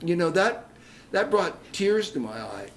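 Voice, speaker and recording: A man's voice: high-pitched, a little slow, slight background noise. A man who teaches ukulele, from Detroit, telling stories and explaining music in a radio interview. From Detroit, Michigan. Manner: lively teacher, hums and laughs while explaining. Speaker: ukulele instructor, guest.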